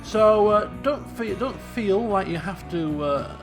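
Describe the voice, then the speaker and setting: A man's voice: sits high, animated, slow, music in the background. A man streaming a colony sim game live, chatty and thinking aloud while talking to his chat. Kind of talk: casual live game commentary.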